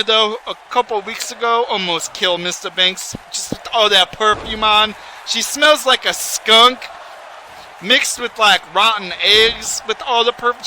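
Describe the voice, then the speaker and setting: A man giving excitable, folksy, rambling play-by-play commentary on a wrestling video game. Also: sits high, a little hiss or hum, rough recording.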